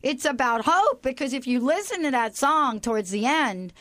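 A woman hosting an inspirational radio talk show, animated and playful, breaking into bits of song. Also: high voice, moderate pace, dry recording. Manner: animated, playful, sings snatches of songs.

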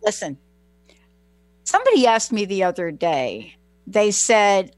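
A woman with a Southern accent hosting a talk radio show, chatting and telling stories in a lively, self-interrupting way. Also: mid-range voice, unhurried, long pauses, no room sound. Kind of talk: casual talk radio monologue. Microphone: studio microphone, close.

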